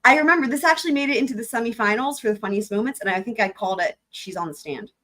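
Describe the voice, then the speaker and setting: A woman's voice: fairly high pitch, racing, a bit bright, rough recording. A young woman hosting a live stream, chatting casually and giggling while she talks herself through setting up. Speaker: livestream host.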